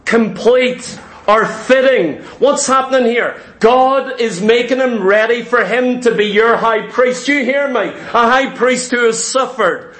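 High-voiced impassioned male preacher. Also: a little slow, fairly bright tone. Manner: impassioned, repetitive, voices Christ and doubters. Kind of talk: sermon.

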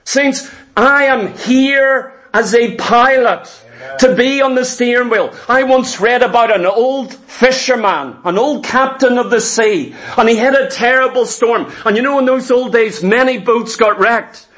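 A man with a strikingly high voice for a man preaches a sermon. He tells stories with emphasis and hammers home his points by repeating phrases, speaking straight to his congregation. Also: measured pace, a bit bright.

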